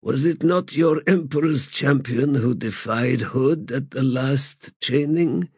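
A man voicing a broken, chained god who speaks in a frail, halting voice. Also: medium pitch, a little mellow, no echo, pitched above the performer's own voice. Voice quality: frail, breathy. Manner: slow, pleading, halting.

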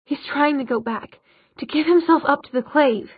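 A woman's voice: sits high, moderate pace, no echo, voice pushed up, natural voice. A woman narrator voicing a desperate, determined young woman who speaks urgently with a shaky voice. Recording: dull lo-fi audiobook recording.

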